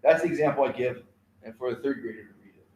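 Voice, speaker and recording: A man's voice: mid-range voice, fast talker, a little mellow, echoey room, low-quality recording. A man teaching a kindness class alone on a live stream, rambling with many fillers and repeated words.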